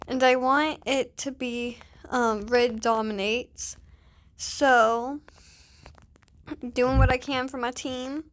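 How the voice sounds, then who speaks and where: A young woman giving casual, playful commentary while playing a video game, chatting and muttering to herself. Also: a little high. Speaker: gamer.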